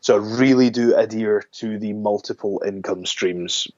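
With a lowish, darkish voice at a moderate pace, a wrestler talks as a guest in a relaxed podcast interview, earnest and meandering and frequently correcting himself. The audio is muffled but free of echo.

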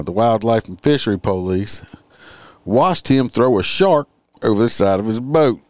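A man's voice: sits low, a little mellow, no room sound. A man hosting a casual livestream, reading out crime stories and chatting with his viewers in a sarcastic, profane, rambling way.

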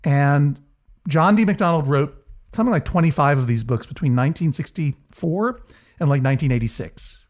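A man's voice: on the high side, moderate pace, a little mellow. A man co-hosting a podcast in casual chat, rambling with many restarts. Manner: rambling, chatty, lots of restarts. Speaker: podcast co-host.

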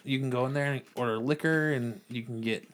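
A laid-back man chatting casually on a podcast, dropping swear words and restarting his sentences as he goes. His voice sits at an ordinary, middle pitch for a man. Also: fairly even intonation, brisk.

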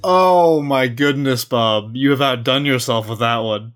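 A man's voice: medium pitch, a little slow, fairly bright tone, smooth, faint music behind. A man co-hosting a podcast in casual chat, joking and introducing segments. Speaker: podcast co-host.

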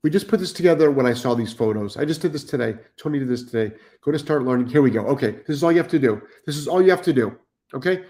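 A man's voice: mid-range voice, lively intonation, fast, darkish tone. A middle-aged man hosting a live stream as a dog trainer, blunt and profane, repeating himself for emphasis as he reads chat comments.

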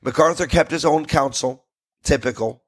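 A man's voice: on the high side, moderate pace, breathy edge. An American man hosting a radio talk show from a studio, telling history in a folksy, rambling way with asides to listeners.

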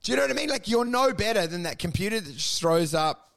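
Male comic, high gravelly voice, rambling storyteller who acts out every voice and keeps laughing. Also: expressive, quick pace, fairly bright tone. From Australia. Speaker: podcast co-host and stand-up comedian. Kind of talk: casual comedy podcast chat.

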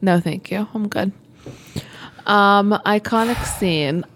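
A woman's voice: mid-range voice, slow pace, fairly bright tone, a little hiss or hum. A woman co-hosting a chatty podcast with a teasing, playfully boastful manner. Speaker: podcast co-host. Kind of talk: casual chat.

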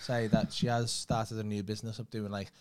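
A man's voice: on the low side, level tone, brisk, a little mellow, clean tone. A man co-hosting a podcast in casual chat, bantering in a laid-back way and acting out the voices of people he quotes. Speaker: podcast co-host.

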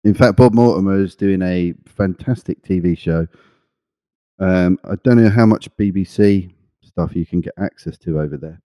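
A man's voice: low voice, moderate pace, dark tone, no room sound. A man co-hosting a podcast, chatting casually and enthusiastically with lots of fillers and restarts. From England. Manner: rambling, enthusiastic, many fillers. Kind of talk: casual chat.

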